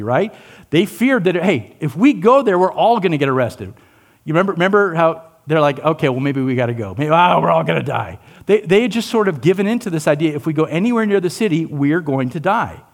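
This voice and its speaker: A male pastor preaching a sermon, asking his listeners questions, acting out quotes, and dropping low and soft on key lines. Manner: animated, asks the listeners questions, acts out quotes.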